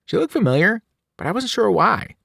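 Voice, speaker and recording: A man's voice: sits high, very animated, fairly quick, vocal fry, breathy edge, dry recording, clean studio sound. Man reading a novel aloud dramatically. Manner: dramatic, with whispered and shouted voices. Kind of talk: expressive read-aloud narration.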